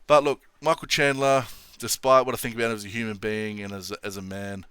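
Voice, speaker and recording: A man's voice: fairly low pitch, little pitch movement, fairly quick, a bit bright, smooth, no echo, studio quality. A young man hosting a casual MMA opinion vlog, blunt and sweary, laughing often. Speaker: MMA commentary channel host.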